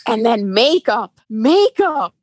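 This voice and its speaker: A woman's voice: a little high, sing-song, slow, a little mellow. A woman giving an exasperated comic rant over a video call. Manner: exasperated complaining. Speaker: game participant.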